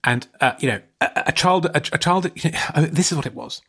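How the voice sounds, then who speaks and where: Fairly quick and a bit bright, this man's slightly high voice is also husky. He co-hosts a podcast via video call, telling a rambling, giggly story with many restarts in casual comedic conversation.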